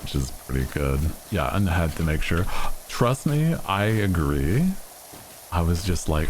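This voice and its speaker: Very deep-voiced man, slow and rambling. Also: very animated, noisy background. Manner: rambling, easygoing, with frequent fillers and restarts. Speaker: VTuber streamer. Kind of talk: casual gaming stream chat.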